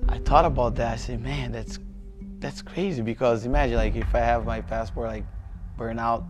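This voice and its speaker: A man in his thirties with a Brazilian Portuguese accent tells a personal story in an interview, halting and restarting, with many fillers. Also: medium pitch, fairly even intonation, music in the background. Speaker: jiu-jitsu athlete.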